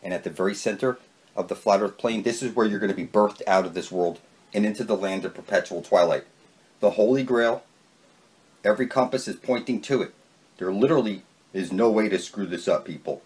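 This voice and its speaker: Low-voiced man calmly declaring. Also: brisk. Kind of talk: repeating a spoken vow, then preaching.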